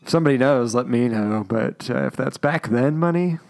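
A man's voice: mid-range voice, darkish tone. A man co-hosting a casual podcast, reading trivia in a laid-back, jokey way. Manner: slow, laid-back delivery with jokey asides. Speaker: podcast co-host. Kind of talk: casual chat.

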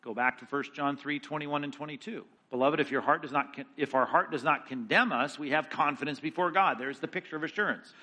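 Male pastor, bright forceful voice, fairly high pitch, animated Bible teaching, quotes Scripture with emphasis. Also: fairly quick, few pauses. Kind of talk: sermon-style Bible teaching.

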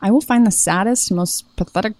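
A woman's voice: mid-range voice, a little fast, darkish tone, no room sound. A woman guest on an interview podcast, chatting casually and animatedly and slipping into quoted voices as she tells stories.

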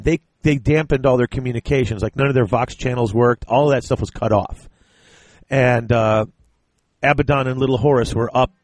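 A man in casual discussion, excitedly retelling book scenes with quoted lines and laughter. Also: mid-range voice, no room sound.

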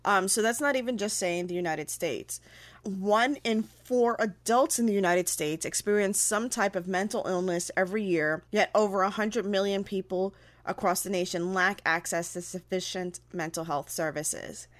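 A woman's voice: medium pitch, normal speed, dry recording. A woman co-hosting a casual podcast, reading notes aloud with stumbles and fillers. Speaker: podcast co-host.

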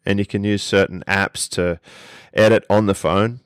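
A man's voice: lowish voice, steady tone, moderate pace, clear, resonant tone, no echo, studio quality. A man with an Australian accent, a podcast guest explaining things with enthusiasm in casual conversation.

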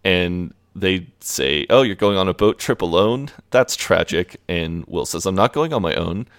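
A man's voice: low-pitched, expressive, a little slow, no room sound, studio quality. A man co-hosting a podcast, casually retelling television scenes and quoting the characters' lines with frequent laughs. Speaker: podcast co-host. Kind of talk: casual recap chat.

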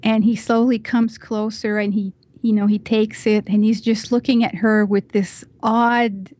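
A woman guest on a podcast, chatting casually and retelling a film scene in animated detail, with lots of "you know" fillers. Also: medium pitch, unhurried.

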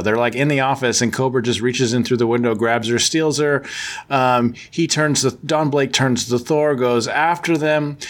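A man hosting a podcast, recapping a comic book story in a casual, rambling way, full of fillers and self-corrections. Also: mid-range voice. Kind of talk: casual chat.

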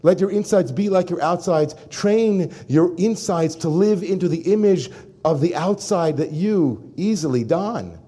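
A man who is a rabbi, delivering an animated sermon and speaking directly to his congregation. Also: high voice, a little slow, husky. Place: synagogue before a congregation.

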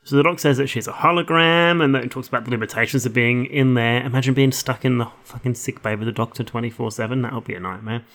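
A man's voice: mid-range voice, fast, few pauses, fairly bright tone. A young man, co-host of a podcast, chatting casually and rambling through an episode recap with lots of laughter and self-mockery. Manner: giggly, rambling, self-mocking.

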